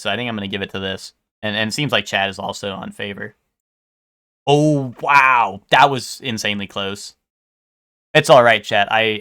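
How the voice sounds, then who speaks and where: A man's voice: on the low side, pushed and bright, smooth. A man streaming live, chatting casually with his chat and stumbling over unfamiliar food names. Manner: chatty, hesitant, stumbles over foreign words.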